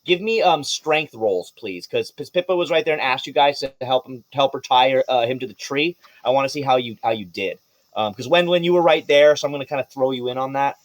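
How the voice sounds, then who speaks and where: A man's voice: medium pitch, brisk, no room sound. Guy dm rambling thru the game, lots of restarts and laughs, dry close sound. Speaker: game master. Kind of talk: running a tabletop game.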